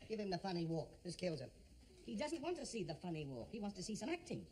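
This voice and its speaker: A brash, scheming showbiz agent. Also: male voice, high-pitched, very animated, fast talker, darkish tone, a little hiss or hum. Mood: wheedling. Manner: pushy, wheedling, cheeky. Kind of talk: 1950s radio comedy acting.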